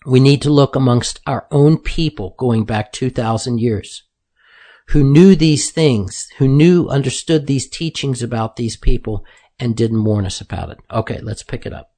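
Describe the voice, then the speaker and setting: A man's voice: medium pitch, moderate pace, dark tone. A man hosting his own show, commenting on clips in a loose, conversational monologue with lots of fillers. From United States. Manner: conversational, keeps saying "folks", many fillers. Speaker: commentator host.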